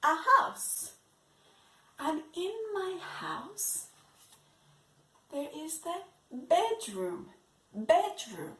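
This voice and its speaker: Slow, sing-song woman teaching small children. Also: high-pitched, sing-song, darkish tone. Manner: slow, exaggerated, repeats words for children to copy. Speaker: English teacher for young children. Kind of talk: online lesson for small children. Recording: echoey room.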